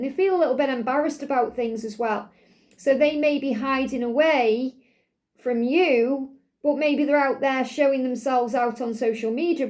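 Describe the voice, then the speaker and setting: A woman's voice: sits high, darkish tone. A woman hosting a spiritual tarot card reading, chatty and repetitive, speaking the cards' messages aloud. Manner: chatty, repeats phrases, voices the cards' messages.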